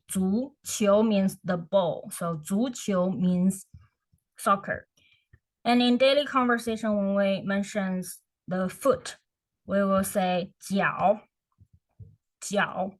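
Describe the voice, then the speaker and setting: A woman's voice: mid-range voice, rough recording. A woman teaching a beginner class, explaining patiently and repeating each word for practice. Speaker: Chinese language teacher. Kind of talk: beginner language lesson.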